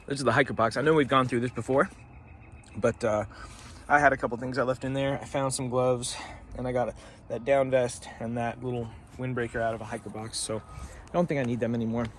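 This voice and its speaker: A male thru-hiker records a laid-back vlog at a forest campsite, chatting to his handheld camera with slang and easy laughter. He speaks briskly at medium pitch with fairly even intonation, and there is a little hiss or hum.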